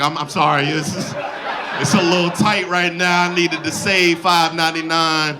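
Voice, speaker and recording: A man in his thirties performing a stand-up comedy set with an animated, playful, slangy delivery on a handheld mic. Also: medium pitch. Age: 30s. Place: comedy club stage with audience laughter. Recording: loud live crowd laughter.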